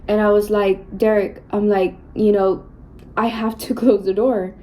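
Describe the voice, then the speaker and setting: A woman's voice: mid-range voice, little pitch movement, measured pace, dark tone, rough recording. A young woman vlogger chatting casually about her own experiences while doing her makeup, constantly saying "you guys" and "like.". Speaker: beauty vlogger.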